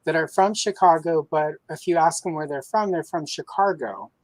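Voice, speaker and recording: A low-pitched woman from the American South chats casually as a show host, spinning joking stories with an easy drawl. Her voice sits close and dry, with almost no room sound around it. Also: a little fast, a little mellow, no echo, rough recording. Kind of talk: casual podcast chat.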